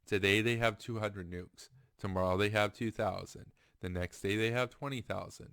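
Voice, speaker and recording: Ranting low-voiced male commentator. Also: steady tone, moderate pace, gravelly, a bit bright, clear, resonant tone, no room sound, studio quality. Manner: emphatic, ranting, repetitive. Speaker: political commentator. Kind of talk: solo political commentary.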